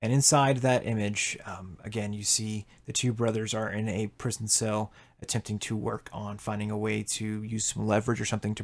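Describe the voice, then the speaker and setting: A man narrating a tabletop game as game master, describing scenes and laughing often. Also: on the low side. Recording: faint music behind.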